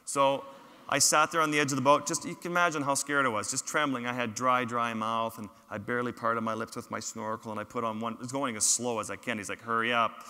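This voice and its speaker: A man with a bright, forceful voice tells his field stories to a lecture hall audience. His words ring out on a stage microphone with a long reverb trailing after them. His humor is self-deprecating. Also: medium pitch, little pitch movement, quick pace, hardly any pauses. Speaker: photographer giving a public talk. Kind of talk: storytelling lecture with slides.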